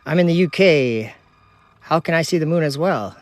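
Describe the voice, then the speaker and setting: A man's voice: on the high side, expressive, normal speed, no echo. Chatty Minnesota man streaming outdoors. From United States (Minnesota). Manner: chatty, reads viewer comments aloud, laughs easily. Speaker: livestream host. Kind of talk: casual live-stream chat with viewers. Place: outdoors at night by a telescope. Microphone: phone.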